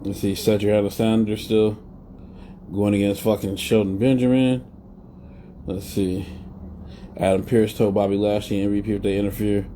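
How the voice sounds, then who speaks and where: Male host, live stream; blunt and cursing, rambling, mellow dark tone, faint hiss. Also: lowish voice, steady tone, moderate pace, long pauses. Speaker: podcast host. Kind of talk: casual live-stream rant.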